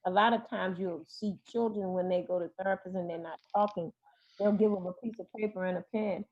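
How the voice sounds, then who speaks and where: A woman therapist talks as an interview guest at an average pitch, hesitating often, filling gaps with "um" and starting phrases over. Her voice comes through a dull, lo-fi recording. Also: steady tone, a little fast. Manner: hesitant, many fillers and restarts. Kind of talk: interview talk.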